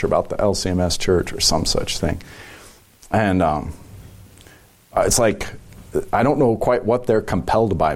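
A man's voice: on the low side, a little mellow. A man, a pastor giving long, thoughtful answers in a casual podcast chat, with frequent chuckles. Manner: thoughtful, rambling, chuckling often.

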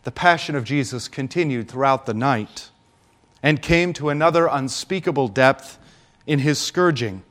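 A man preaching a Good Friday homily with solemn, deliberate delivery and dramatic pauses. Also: mid-range voice, a bit bright.

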